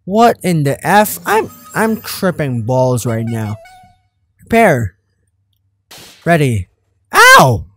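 A man hosting a let's play, commenting in an excitable, joking way with loud outbursts. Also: on the high side, takes it slowly, pauses often, soft background music. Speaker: gamer, channel host.

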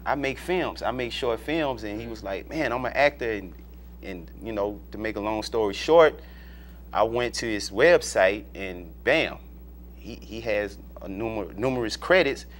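This guest is a film director and producer from Alabama in the US South, telling stories in a relaxed interview. His voice is lowish and expressive, at a moderate pace. He rambles, with plenty of fillers and restarts.

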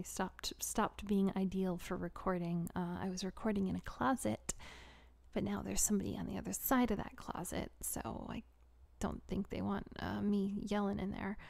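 A young adult woman hosting a casual live Q&A, giggly and rambling, often dropping into soft whispery asides. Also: medium pitch, creaky. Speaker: audio creator hosting a live Q&A. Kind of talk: casual livestream chat.

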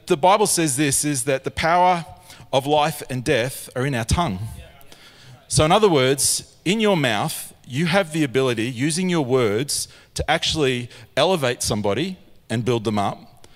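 A man with an Australian accent preaching a sermon in a church, a lively storyteller who acts out his scenes. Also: medium pitch, moderate pace. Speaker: pastor. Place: large church auditorium. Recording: long church hall reverb.

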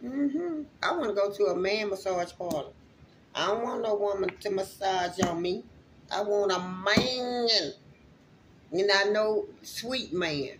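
A woman's voice: medium pitch, a little slow, background noise. A woman gives a loose, heartfelt spiritual reading to her viewers in a mid-range voice. She is chatty and openly emotional, and she swears freely as she talks straight to her audience. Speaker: spiritual reader.

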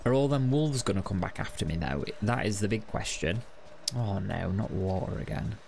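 A man's voice: fairly low pitch, moderate pace, creaky, darkish tone, slight background noise. A man giving casual, wry let's-play commentary and chatting to the game. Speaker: gaming video host.

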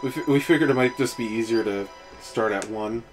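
A man's voice: mid-range voice, a little fast. Laid-back young man over game music. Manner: relaxed, jokey, bursts into loud silly voices. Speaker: co-player. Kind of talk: casual let's play chat.

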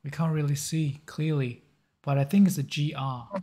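A man hosting a map-guessing game video, thinking aloud in a halting, musing way with short chuckles. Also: fairly high pitch, steady tone, dark tone.

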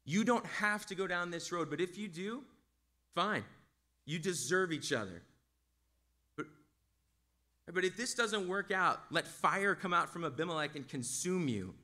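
A man acting out an indignant young man, high and emphatic. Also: animated, a little slow, long pauses, sharp tone, heavily acted. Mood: warning. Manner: emphatic, exasperated.

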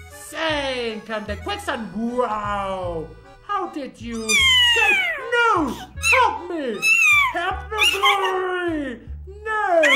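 A woman gives playful game commentary in broken English, with meows between her lines. Her high voice swoops all over and her pace is slow. She is recorded in an echoey room with loud game music behind her. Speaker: gameplay video host.

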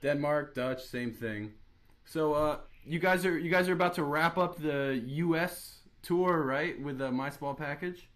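A young man hosting a live webcast interview, talking in quick, crude, mocking banter. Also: on the high side, a bit bright. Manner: joking, rapid, crude and mocking.

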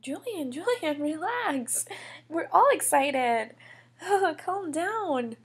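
A woman voicing a calm, motherly kindergarten teacher in a toy figure story. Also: high voice, very slow, full character voice.

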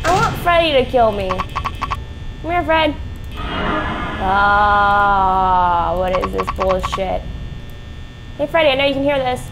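A woman's voice: mid-range voice, expressive, slow pace, long pauses, rough recording. A young woman playing a horror game at home, talking back to its characters and swearing in frustration. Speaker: gaming YouTuber. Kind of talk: let's play commentary. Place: home room with a cat nearby. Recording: music playing under the voice.

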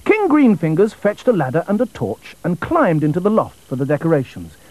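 A man narrating a children's storybook in an expressive, melodic way. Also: on the high side, a little fast, dry recording, rough recording.

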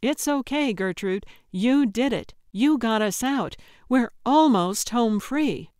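A woman's voice: fairly high pitch, expressive, slow pace, darkish tone, smooth, no echo, clean studio sound. A woman voicing a practical young woman who speaks in a reassuring, down-to-earth way.

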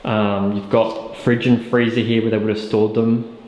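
A man's voice: lowish voice, level tone, normal speed, a little mellow. A man talking casually to the camera in a vlog, chatty and easily spooked, using lots of filler words. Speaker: co-host of a ghost-hunting channel. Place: inside an empty old hospital building. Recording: echoey, reverberant room with faint noise.

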